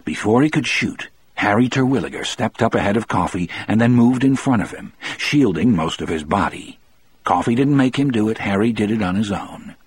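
A man narrating an audiobook in the first person, measured and reflective. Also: fairly low pitch, lively intonation, husky, dry recording.

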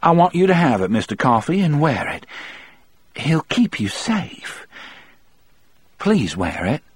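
An elderly woman, gentle and warmly grateful, speaks in a bright, lilting, high voice, as a male audiobook reader puts her on. The recording is dry and close, with a faintly husky edge under the raised pitch. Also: very animated, a little slow, no room sound, heavily acted. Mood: earnest. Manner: bright, eager, lilting falsetto.

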